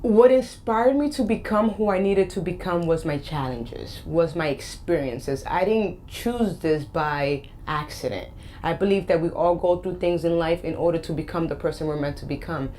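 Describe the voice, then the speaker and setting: A woman in her forties, a life coach being interviewed, talks with a Boston and Spanish accent in a deep, low register. She is upbeat and emphatic, leaning on her key phrases and repeating them. A faint hiss of noise sits under her voice. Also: moderate pace, dark tone. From Boston, USA. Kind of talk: casual interview chat.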